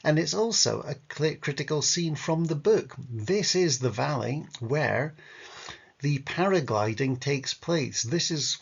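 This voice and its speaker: Gravelly wry male travel vlogger. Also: on the high side, lively intonation, measured pace. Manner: wry, rambling asides. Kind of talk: casual travel commentary over photos. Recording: dull lo-fi audio.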